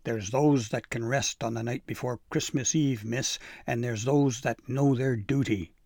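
A man voicing a gruff, tyrannical old male elf who blusters and threatens in a storybook reading. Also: mid-range voice, measured pace, a little mellow, dry recording, clean studio sound. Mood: blustering.

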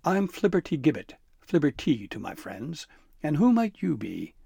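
A man puts on a cocky little elf sprite from a storybook, impish and pleased with himself, pitched up and bright in his boasting. A gravelly grain still sits underneath, recorded dry and close. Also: huge pitch swings, moderate pace, no room sound, exaggerated voice.

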